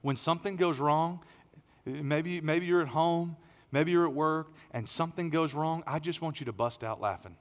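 A middle-aged man preaching a sermon as pastor, telling stories in a lively way with louder, higher bursts. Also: moderate pace. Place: church auditorium. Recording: long hall reverb.

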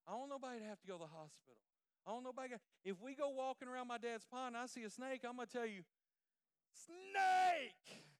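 A man preaching a sermon through folksy, emphatic, animated stories. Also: high voice, clean tone, no room sound. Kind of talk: storytelling sermon.

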